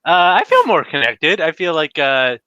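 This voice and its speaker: Guy chatting on a stream, bright tense voice, keeps saying like and you know, dull lo-fi sound. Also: a little high, huge pitch swings, moderate pace, vocal fry, smooth, no echo. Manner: rambling, heavy on fillers and restarts. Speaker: retro collecting YouTuber. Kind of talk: casual livestream chat.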